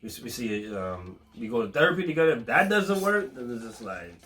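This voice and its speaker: A man's voice: mid-range voice, big pitch swings, brisk, a bit bright, faint music behind. A man chatting loosely with his girlfriend in a couple vlog, slangy and full of swearing. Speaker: vlog co-host, boyfriend. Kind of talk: casual couple chat.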